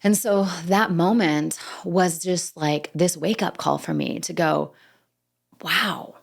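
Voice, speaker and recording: A woman's voice: lowish voice, slow, vocal fry, slightly rough. A young adult woman hosting a podcast solo, telling a story in a chatty way, full of fillers and acted-out bits of dialogue. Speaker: podcast host.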